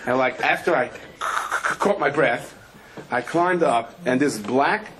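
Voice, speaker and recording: Animated storytelling rabbi, faint hiss. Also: male voice, mid-range voice, slow pace. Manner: animated storyteller, acts out voices, shouts in quotes. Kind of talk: Torah lecture with stories. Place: attic room.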